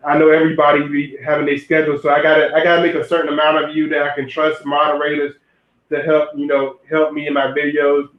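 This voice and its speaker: This young adult male streamer talks quickly in a rather high voice with a completely flat delivery. He wanders through zodiac relationship tips, addressing his chat directly and often repeating or restarting what he says. It's casual talk to viewers, captured in a roomy, phone-like lo-fi recording.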